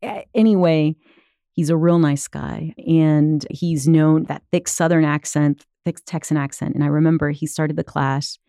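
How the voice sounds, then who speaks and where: A woman's voice: low-pitched, fairly even intonation, moderate pace, warm tone, dry recording, clean studio sound. A woman in her thirties from the United States, telling a personal story in casual conversation with many fillers. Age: 30s. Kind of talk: casual chat.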